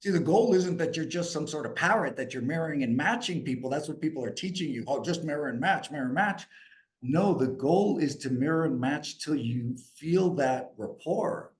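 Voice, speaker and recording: A man from New York coaching a group live, energetic and asking the group questions. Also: a little high, normal speed, hardly any pauses. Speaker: sales coach.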